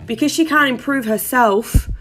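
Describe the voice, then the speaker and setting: A woman's voice: sits high, normal speed, a bit bright. A young woman hosting a podcast, commenting in a chatty, exasperated way with many fillers. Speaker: podcast host. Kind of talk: casual commentary monologue.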